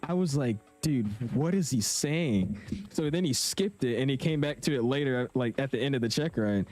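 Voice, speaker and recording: A man's voice: medium pitch, a little fast, darkish tone. A young man chatting casually with viewers on a live stream, slangy and talkative. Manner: chatty, slangy, reads chat aloud. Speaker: flight sim streamer.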